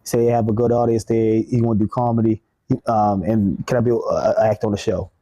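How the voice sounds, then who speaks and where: A man's voice: fairly low pitch, level tone, brisk, dark tone. A man, a comedian, telling a funny story in casual chat, acting out the people he quotes, with many restarts. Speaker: comedian guest.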